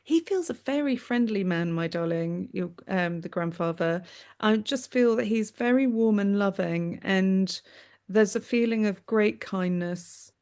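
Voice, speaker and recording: A woman medium on a video call, giving a live reading in a gentle, affectionate way. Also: mid-range voice, unhurried. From United Kingdom. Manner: gentle, affectionate, often says "my darling" and "that's what I'm aware of".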